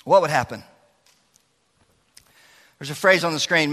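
A man preaching as a youth pastor, his voice bright and forceful and a little high. He keeps it chatty and lively, joking with the crowd. His voice rings out with a long reverb through a large church hall. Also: brisk, long pauses. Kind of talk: sermon.

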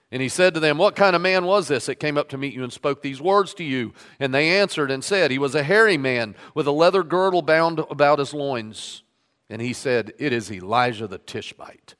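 Male pastor, mid-pitched, sermon reading with emphatic quotes; church hall reverb. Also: fairly bright tone, clean tone. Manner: reads scripture aloud with rising emphasis on quoted lines. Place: church sanctuary.

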